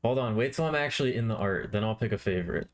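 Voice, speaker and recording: A man's voice: medium pitch, animated, fast talker. A man streaming live while he draws, chatting casually and playfully with viewers. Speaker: art streamer.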